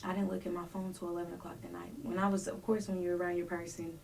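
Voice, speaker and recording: A woman's voice: fairly low pitch, flat delivery, fast, vocal fry, darkish tone, far from the mic, slight background noise. A woman telling a personal story as a podcast guest, acting out voices and dropping to near whispers.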